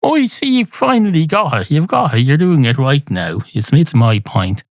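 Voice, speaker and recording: A man's voice: mid-range voice, lively intonation, unhurried, a little mellow, dry recording, studio quality, close to an everyday voice. A man voicing a pedantic male cat in a pub who lectures the barman on grammar. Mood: delighted. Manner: fussy, lecturing about grammar.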